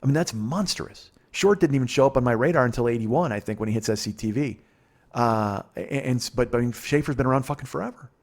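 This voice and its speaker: A man's voice: medium pitch, fast. A man hosting a podcast, telling a long show-business story in a casual, profane, rambling way, often quoting people as he goes. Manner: profane, rambling, animated retelling with quoted voices. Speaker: podcast host.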